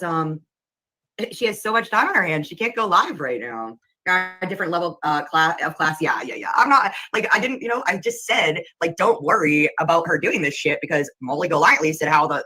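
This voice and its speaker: A woman's voice: on the low side, pushed and bright, slightly rough, low-quality recording. A woman hosting a casual livestream, chatting and greeting viewers by name. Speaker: livestream host.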